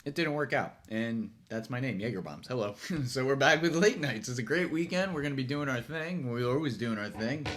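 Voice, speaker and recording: Lively, jokey man hosting a comedy monologue. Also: mid-range voice, brisk, few pauses. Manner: rambling, jokey, self-mocking. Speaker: host. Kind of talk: late-night comedy monologue. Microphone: phone.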